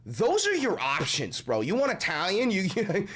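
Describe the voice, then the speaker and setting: A young man live-streaming in casual, profane chat, his voice deepened after a sickness, rambling and swinging from mumbles to shouting. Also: moderate pace, husky. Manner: animated, rambling, swears a lot, swings from mumbling to yelling.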